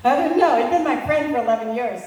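A middle-aged woman sharing a personal recovery testimony with an audience, telling her story in an animated way and laughing at herself. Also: a little high, fast, background noise. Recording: echoey hall, mic far off.

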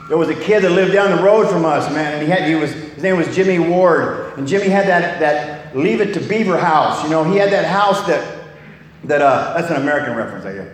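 An older man from California shares his recovery story in a personal testimony talk, bluntly and candidly, swearing freely and often restarting sentences. His fairly high voice is expressive and brisk, recorded in an echoey hall with long reverb and faint noise.

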